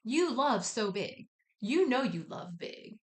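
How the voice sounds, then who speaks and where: A woman speaks in an easy, conversational way as she guides listeners through a spiritual practice. Her delivery is gently encouraging, with slangy asides mixed in. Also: a little high, big pitch swings, slow pace. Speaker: spiritual wellness teacher. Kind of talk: casual spoken guided talk.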